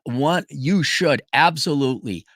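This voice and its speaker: A blunt, emphatic man hosting a casual livestream, his voice sitting a little higher than most men's. He lurches between loud, forceful declarations and low, muttered asides. The sound is close and dry, with no room around it. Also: expressive, unhurried, no room sound. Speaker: livestream host reading super chats.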